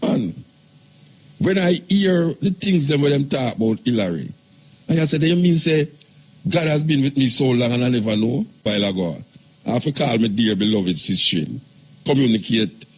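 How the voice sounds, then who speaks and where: Older Jamaican man, rambling patois radio talk, a touch husky, emphatic. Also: medium pitch, animated, normal speed, a little mellow.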